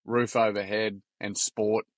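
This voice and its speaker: An Australian man telling lively stories in a casual podcast chat, full of slang and acted-out quotes. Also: fairly low pitch, measured pace, no echo, studio quality. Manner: animated yarn-telling, acts out quoted voices, slangy. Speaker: podcast guest.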